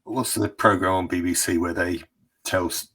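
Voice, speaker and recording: A man's voice: low voice, steady tone, bright, forceful tone, husky. A man co-hosting an online chat, talking hesitantly with many halts. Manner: hesitant, halting, restarts often. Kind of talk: casual chat. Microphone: online video call.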